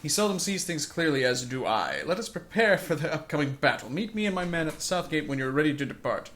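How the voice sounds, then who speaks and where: A man's voice: fairly high pitch, sing-song, fast talker, a bit bright, a little hiss or hum. A man reading as an earnest guard captain. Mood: resolute. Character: dutiful male guard captain.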